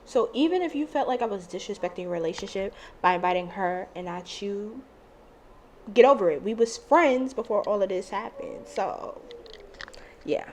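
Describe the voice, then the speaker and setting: Late-teen woman, mid-pitched, measured explanatory aside, faint background hiss. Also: animated. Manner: measured, explanatory correction of the story's timeline. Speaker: vlogger. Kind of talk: inserted voice-over clarification.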